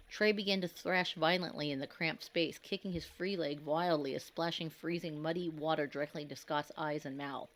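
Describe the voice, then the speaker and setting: A woman narrating a scripted horror story in a grave, measured, dramatic way. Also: low voice, steady tone.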